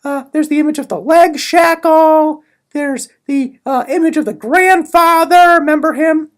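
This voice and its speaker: High-voiced, sarcastic woman explaining a book chapter. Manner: sarcastic, playful, quick asides. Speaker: literature explainer. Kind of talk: casual chapter summary lesson.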